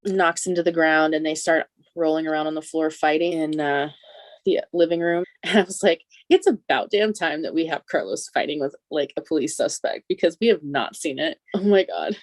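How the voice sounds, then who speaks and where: A woman recaps a TV episode in a loose, chatty way, laughing between lines. Her voice sits a little low for a woman. The sound is dry, with no room around it. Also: normal speed, no room sound. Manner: chatty, animated retelling with laughs. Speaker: podcast co-host.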